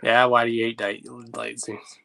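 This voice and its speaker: A man's voice: medium pitch, little pitch movement, measured pace, vocal fry, sharp tone. A man hosting a livestream, chatting loosely and reacting to viewers' messages. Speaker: livestream host. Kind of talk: casual livestream chat.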